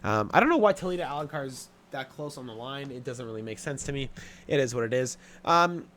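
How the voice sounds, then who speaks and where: A young man hosts a sports betting show, running through his picks bluntly and offhandedly with lots of swearing and filler words. His mid-range voice is brisk and a bit bright, with lively intonation.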